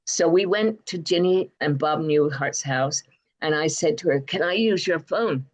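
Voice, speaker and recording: An older woman from Bristol with an English accent, telling rambling anecdotes in an interview, with frequent fillers and pauses. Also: low voice. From Bristol, England. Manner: rambling, hesitant, warm anecdotes with many fillers. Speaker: guest. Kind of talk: interview storytelling.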